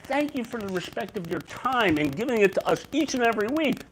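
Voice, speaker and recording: A man's voice: extremely high pitch, sing-song, fairly quick, a little hiss or hum, low-quality recording. A man hosting a casual live stream about his oyster farm, talking in an exuberant, rambling way with many restarts.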